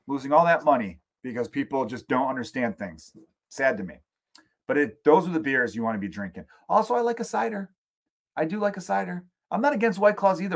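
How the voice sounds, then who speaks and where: Profane, ranting American podcast host. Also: male voice, a little high, a little fast, creaky. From United States. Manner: profane, animated ranting with sarcastic asides. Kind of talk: casual solo rant.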